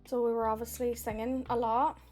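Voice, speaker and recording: A woman's voice: fairly high pitch, little pitch movement, brisk, a little mellow, faint music behind. A woman, chatting casually on a live stream while reading oracle cards, giggly and swearing, with a sore throat.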